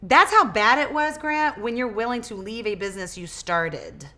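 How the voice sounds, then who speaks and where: A woman guest in a casual interview, telling her story in a lively way, acting out quoted dialogue and often restarting her words. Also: a little high, normal speed. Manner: animated, acts out quoted dialogue. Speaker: interview guest, business owner.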